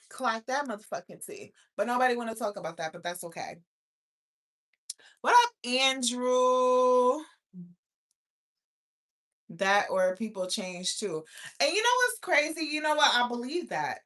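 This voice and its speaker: A woman's voice: on the high side, a bit bright. A woman hosting a live stream in casual chat, talking bluntly and profanely to her viewers. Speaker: livestream host.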